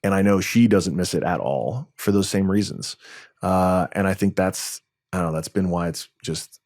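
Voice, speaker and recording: A man in his forties from New York, a tech entrepreneur guest telling lively stories in a podcast interview. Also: deep voice, normal speed. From New York, USA. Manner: lively anecdotal storytelling, acts out dialogue.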